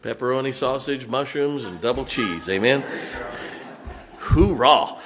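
Here a West Virginian pastor in middle age delivers a homespun, chatty sermon sprinkled with side comments and little laughs. He speaks a bit slowly in an expressive, mid-range voice, with a clear West Virginian accent.

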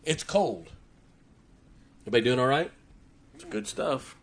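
A man's voice: mid-range voice, big pitch swings, normal speed. A man preaching a sermon to a congregation, folksy and emphatic, repeating his key lines and chuckling between points. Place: church before a congregation.

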